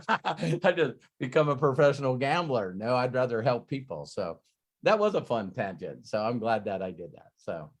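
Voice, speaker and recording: A man's voice: medium pitch, normal speed. A man hosting a group video call, telling casual stories and acting out other people's voices with energy. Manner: animated, acts out gamblers' voices. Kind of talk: casual storytelling to a live call.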